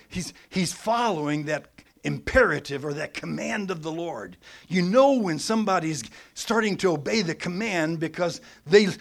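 Fairly high-voiced man preaching a lively sermon. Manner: animated teaching with grammar examples, shifting between loud and soft.

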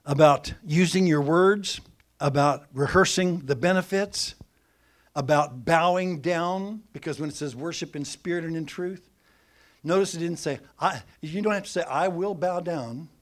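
A middle-aged man preaching a sermon, teaching with animated emphasis that swings between loud and soft. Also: on the high side.

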